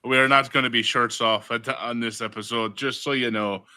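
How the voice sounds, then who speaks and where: Very bright, playful male podcast host. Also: medium pitch, fairly even intonation, a little fast, clean tone. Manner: playful, laughing, putting on an Irish accent. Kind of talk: casual podcast chat.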